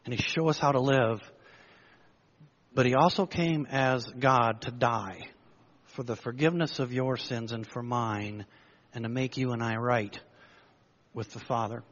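A man preaching a sermon, retelling a story with animated asides and acted-out lines. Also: mid-range voice, unhurried, pauses often, lo-fi sound. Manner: storytelling, lively, acts out the crowd's lines.

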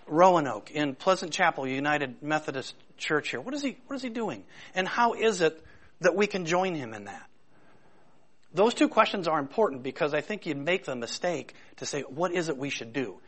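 A man's voice: on the high side, fairly bright tone. A man preaching a conversational sermon, informal and full of rhetorical questions. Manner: informal and searching, poses many rhetorical questions. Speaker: pastor.

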